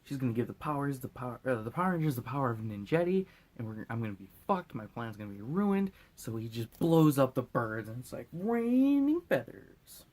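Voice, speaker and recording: A man's voice: mid-range voice, big pitch swings, fairly quick, few pauses, a little mellow. A drunk man recapping a movie in a loose, crude, rambling way, often acting out lines in silly voices. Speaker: host.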